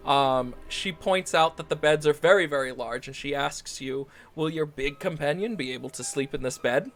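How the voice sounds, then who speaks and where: A man's voice: a little high, moderate pace, fairly bright tone. A man running a tabletop game, with a slightly raised voice that tumbles through restarts and fillers. Faint music plays under his narration. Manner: rambling, laughing, many ums and restarts. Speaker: game master.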